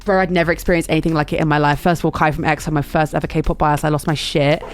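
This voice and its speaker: A young woman streamer telling a chaotic travel story in casual chat, animated and full of fillers and restarts. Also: low voice, very fast, soft background music.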